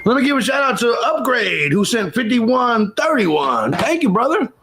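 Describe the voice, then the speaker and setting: A man's voice: very high voice, big pitch swings, normal speed, sharp tone, a little hiss or hum, low-quality recording. A man hosting a livestream, talking bluntly and profanely and thanking viewers for donations in casual commentary. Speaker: livestream host.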